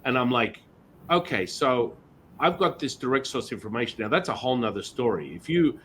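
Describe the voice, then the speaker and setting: A man's voice: medium pitch, lively intonation, brisk, fairly bright tone, slight background noise. A middle-aged man hosting a spiritual podcast, telling stories in a rambling, casual way with many restarts. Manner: rambling storyteller, frequent restarts and "you know". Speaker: podcast host.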